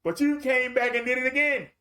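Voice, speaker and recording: A man's voice: very high-pitched, fairly quick, bright, forceful tone. A man preaching a streamed sermon in a colloquial, repetitive storytelling way.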